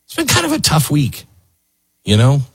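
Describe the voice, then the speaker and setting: Husky, emotional male radio host. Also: fairly high pitch, huge pitch swings, moderate pace, no room sound, clean studio sound. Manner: emotional, rambling, with many fillers and restarts. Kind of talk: casual on-air talk.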